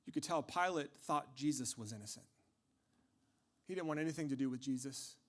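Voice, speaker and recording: A man delivering a dramatic first-person storytelling monologue, impassioned, swinging from hushed tones to shouting. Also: mid-range voice, brisk.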